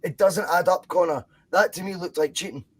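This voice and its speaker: A Scottish man on a fan podcast, talking in an insistent, emphatic way. His voice sits high for a man and has a husky edge. He keeps hammering home each point. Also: a little fast. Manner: emphatic, insistent, addresses co-host by name. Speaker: podcast co-host. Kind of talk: heated fan podcast discussion.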